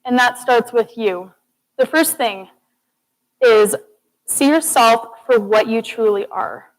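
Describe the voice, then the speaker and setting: Speaking slowly in a high-leaning voice, a young adult student delivers a TED-style talk in a classroom or lecture hall. She addresses the audience directly, earnest and encouraging, though the audio quality is poor.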